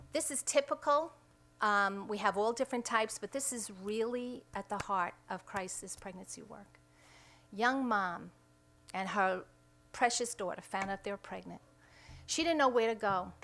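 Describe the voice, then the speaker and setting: Middle-aged woman, center director, emphatic press statement at a podium mic, medium pitch. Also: fairly bright tone. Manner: emphatic, re-enacts quoted dialogue. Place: indoor room at a state capitol.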